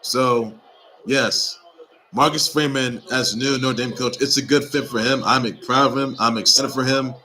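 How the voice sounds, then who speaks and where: Running through the day's sports news loosely and unscripted, a host with a bright, forceful, medium-pitched voice keeps a steady tone and an unhurried pace. He circles back on his own phrases and presses his points with emphatic exhortations, on a rough recording.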